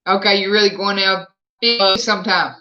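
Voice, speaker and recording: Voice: mid-range voice, fairly even intonation, moderate pace, sharp tone. A livestream host with a Southern US accent, chatting casually at home and answering viewer comments aloud. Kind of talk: casual live chat. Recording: slightly dull lo-fi sound.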